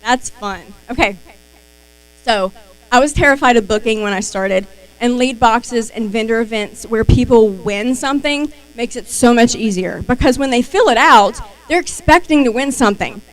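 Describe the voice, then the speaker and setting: Upbeat younger woman with a slightly high voice, live streaming sales advice and playing out customer chats. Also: moderate pace, rough recording. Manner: lively, acts out customer dialogues. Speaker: beauty sales consultant.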